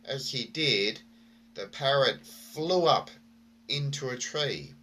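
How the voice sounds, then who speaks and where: A man's voice: mid-range voice, animated, takes it slowly, sharp tone. A man vlogging, telling a story and reflecting in a rambling way with many fillers and restarts.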